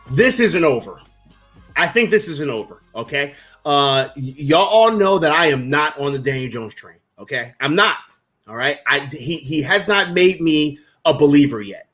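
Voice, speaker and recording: A man co-hosting a casual sports talk show, animated and repeating himself for emphasis. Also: fairly high pitch, a little slow, faint music behind. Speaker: podcast co-host.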